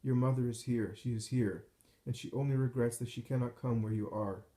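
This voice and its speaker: A man's voice: medium pitch, fairly even intonation, a little fast, warm tone, close to an everyday voice. A man voicing a grieving mother who cries out in anguished lament at her dying son's cross, in a roomy, echoing recording. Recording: roomy echo.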